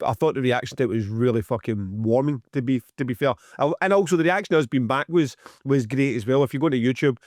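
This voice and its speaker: A man's voice: medium pitch, quick pace, hardly any pauses, a little mellow, dry recording, clean studio sound. A Scottish man co-hosting a podcast in casual, sweary, teasing chat. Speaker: podcast co-host.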